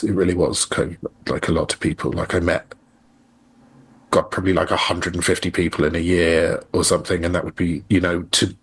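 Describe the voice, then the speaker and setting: A man's voice: low voice, husky. A man speaking as an interview guest in a candid, reflective conversation with a wry edge. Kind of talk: casual conversation.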